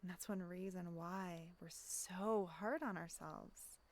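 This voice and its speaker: A woman speaking as a life coach in a casual self-help monologue, reflective, often checking in with "right?" and pausing for audible deep breaths. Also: fairly even intonation. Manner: acts out inner voices in quotes.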